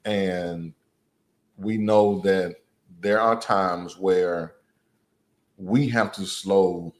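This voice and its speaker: A man, co-hosting a podcast with his wife, talking softly and rambling with many fillers. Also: sits low, fairly even intonation, very slow. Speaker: podcast co-host. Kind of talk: casual chat with his wife.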